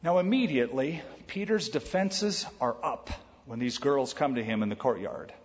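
A man preaching a sermon in a conversational way, tossing in quick quoted asides. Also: mid-range voice. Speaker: pastor. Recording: dull sound with long hall reverb.

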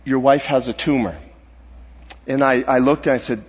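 A middle-aged man telling a personal story in a sermon, earnest and halting, his voice dropping to a hush at the grave parts. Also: mid-range voice, husky. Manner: earnest, halting, dropping to a hushed voice at serious moments. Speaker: guest speaker. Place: church sanctuary. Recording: dull reverberant hall sound.

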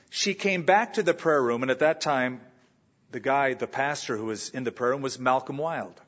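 A man's voice: mid-range voice, normal speed, a bit bright, highs cut off. A man preaching a sermon as pastor, telling stories and acting out the people he quotes. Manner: storytelling, acts out quoted voices. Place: church sanctuary.

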